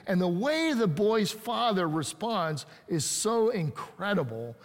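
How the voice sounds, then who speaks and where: High-voiced preacher in a reverberant hall. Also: male voice, very animated, takes it slowly, hardly any pauses. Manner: conversational preaching, acts out quoted lines. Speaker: pastor. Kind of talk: sermon.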